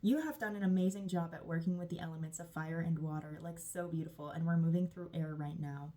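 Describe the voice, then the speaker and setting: A woman's voice: sits low, fairly even intonation, brisk, warm tone. A woman giving a channeled tarot reading, affirming and gushing, with frequent sighs. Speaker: tarot reader.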